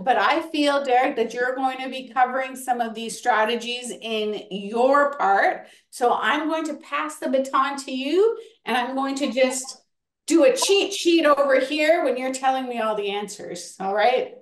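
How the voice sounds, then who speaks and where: A high-pitched woman leads a kids' workshop in an encouraging, animated way. Her voice carries a roomy echo. She keeps the children engaged with quick praise. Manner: encouraging, animated, counts kids in. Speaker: workshop host. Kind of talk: lively classroom-style teaching.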